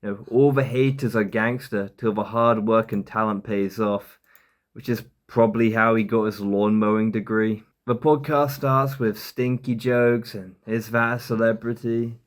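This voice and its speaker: A man's voice: on the low side, steady tone, unhurried. A man delivering sarcastic, mocking commentary on a podcast clip for a comedy video. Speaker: commentary YouTuber.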